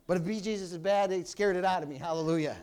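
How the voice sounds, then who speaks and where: A male pastor preaching a loud, fiery sermon in church, punctuated with hallelujahs. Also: sits high, fast.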